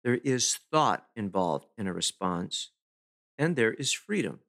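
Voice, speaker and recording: A man giving a self-help talk in an emphatic, deliberate way, pausing to stress key words. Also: lowish voice, big pitch swings, gravelly, a bit bright. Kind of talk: motivational talk to camera.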